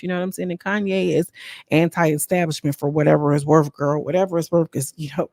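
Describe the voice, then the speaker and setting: A woman's voice: lowish voice, brisk, darkish tone, no echo. Sassy chatty woman, dry close sound. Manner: chatty, sassy, talks straight to viewers. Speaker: podcast host. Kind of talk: casual gossip recap.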